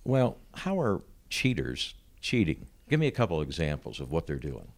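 A man hosting a political interview, putting blunt questions and cutting in with quick interjections. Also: a bass voice, huge pitch swings. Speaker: interviewer host.

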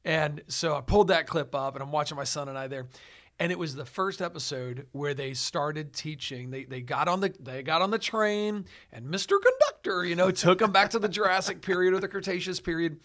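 A man talking as a guest in a casual studio chat, animated and emphatic, often laughing. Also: fairly high pitch, a little fast.

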